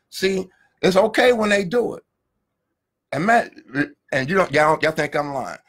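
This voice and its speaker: A man's voice: high-pitched, moderate pace, fairly bright tone. A middle-aged man, a law professor, ranting angrily and profanely on a live video feed, firing off rhetorical questions and repeating words as he goes. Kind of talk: heated live-stream rant. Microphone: phone or webcam, live video feed.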